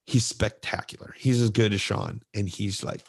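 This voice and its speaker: A man's voice: on the low side, steady tone, moderate pace, gravelly, husky. A middle-aged man, co-hosting a casual podcast and animatedly telling a youth baseball story, acting out the voices of kids and coaches.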